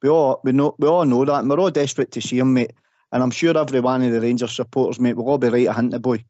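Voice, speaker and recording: A man's voice: medium pitch, steady tone, fast talker, a little mellow, no room sound. Male co-host, enthusiastic, "mate"-heavy speech, dry close sound, muffled. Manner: enthusiastic, says "mate" constantly. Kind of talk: casual radio chat.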